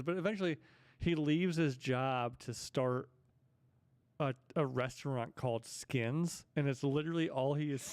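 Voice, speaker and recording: A man's voice: medium pitch, clear, resonant tone, no room sound. A man hosting a casual podcast, laid-back and joking with crude banter. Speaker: podcast host.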